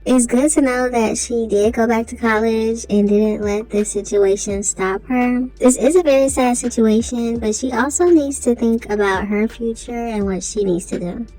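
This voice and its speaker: A woman's voice: fairly high pitch, moderate pace, few pauses, mellow, faint music behind, low-quality recording. A woman hosting a reaction video, commenting on a story in an emphatic, questioning way. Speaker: reaction host.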